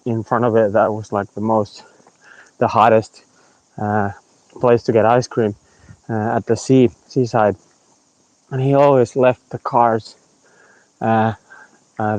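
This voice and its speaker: A man's voice: on the low side, darkish tone, dry recording. A man telling a long anecdote, meandering with many fillers and restarts. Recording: dull, dry lo-fi line.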